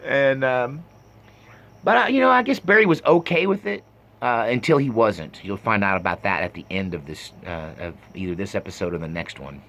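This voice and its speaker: A man's voice: fairly low pitch, a bit bright, a little hiss or hum. Rambling, self-mocking man in his fifties. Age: 50s. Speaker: storyteller. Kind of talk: personal storytelling.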